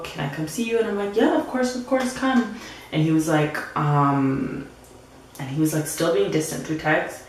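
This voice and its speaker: A young woman vlogger telling a breakup story while doing her makeup, chatty and full of "like". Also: deep voice. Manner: chatty, fillers "like" everywhere. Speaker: beauty vlogger. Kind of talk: casual get-ready-with-me storytime. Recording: very echoey room with faint noise.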